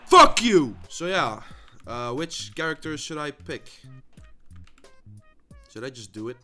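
A man with a Dutch accent commentating his own gameplay, swearing and trash-talking his opponents with sudden yelling bursts. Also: medium pitch, unhurried, soft background music. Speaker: gaming channel host.

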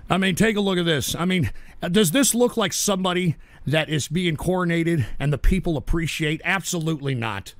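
A man hosting a live show, ranting angrily and profanely at his chat and breaking into shouts. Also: on the high side, lively intonation, fairly quick, no room sound. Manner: angry, profane, bursts into shouting. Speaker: livestream show host.

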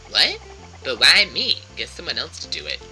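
A man's voice: medium pitch, wildly swooping pitch, moderate pace, sharp tone, exaggerated voice, poor audio. A man voicing a sulky, defiant teenage girl with a whiny, sarcastic manner, over game music. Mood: indignant.

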